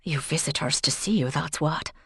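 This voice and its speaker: A woman's voice: sits low, lively intonation, moderate pace, a bit bright, no room sound, studio quality. A woman voicing a kindly, anxious older village landlady with a fussing, motherly manner.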